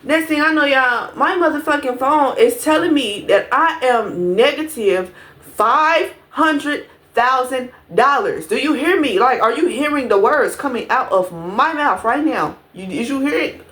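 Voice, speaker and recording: Lady telling a storytime, cussing a lot, kinda high voice, chatting right at her viewers. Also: a little slow. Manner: profane, animated, addresses viewers as y'all. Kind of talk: casual storytime monologue.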